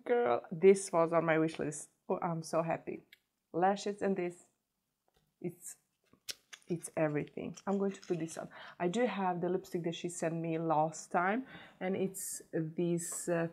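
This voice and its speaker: A woman with a low voice unboxes a beauty gift box in a relaxed, unhurried chat. She gushes over each item and repeats her words when excited. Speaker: beauty vlogger.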